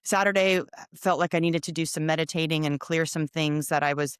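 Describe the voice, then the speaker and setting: A middle-aged woman hosting a podcast, telling a personal story in casual chat with expressive, animated delivery. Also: deep voice, a little fast, clean tone, no room sound, clean studio sound. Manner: expressive, animated storytelling with lively quoted voices. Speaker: podcast host.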